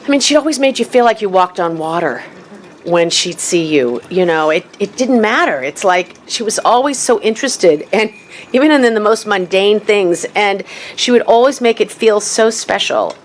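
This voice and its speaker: A woman's voice: mid-range voice, fairly bright tone. Middle-aged woman, rambling eulogy, laughing through tears, emotional, memorial gathering, faint noise. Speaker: memorial speaker. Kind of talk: personal eulogy.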